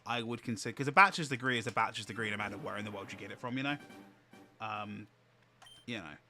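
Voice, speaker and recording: Bright-voiced man chatting casually. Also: fairly low pitch, fast, soft background music. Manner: rambling, calm, self-correcting. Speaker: streamer co-host. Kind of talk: casual chat.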